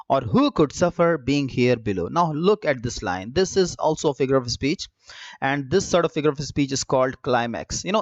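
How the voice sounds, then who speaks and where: A man teaching a literature lesson in a measured, explanatory way, with frequent "uh" fillers. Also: on the high side, no room sound. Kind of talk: recorded lecture. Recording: dull, dry lo-fi recording.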